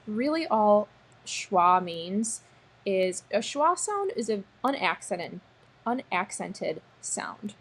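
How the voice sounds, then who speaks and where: A woman teacher leads a recorded spelling lesson, stretching each word out slowly and patiently. Her voice has a soft, breathy edge and sits at an ordinary pitch. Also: very animated. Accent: American. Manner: slow, patient, sounds out words.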